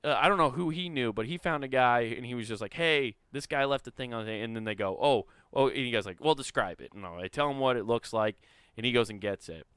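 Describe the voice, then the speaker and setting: Bright, clear-voiced man telling a rambling story. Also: medium pitch, fast, dry recording. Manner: rambling storyteller, heavy swearing and fillers. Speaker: podcast host. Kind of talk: casual podcast chat.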